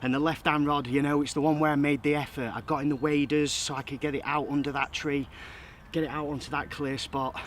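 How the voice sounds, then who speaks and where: A man's voice: a little high, little pitch movement, brisk, a little hiss or hum. A man, out of breath and elated, chatting to camera outdoors by a lake about his catch. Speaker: carp angler vlogger. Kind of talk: excited fishing vlog.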